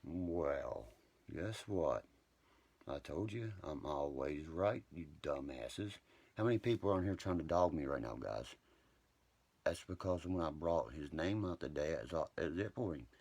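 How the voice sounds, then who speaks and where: A man, rambling profanely on a live stream, moving between angry rants and quiet apologies. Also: animated, normal speed. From West Virginia. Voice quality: deep gravelly voice. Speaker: social media live streamer.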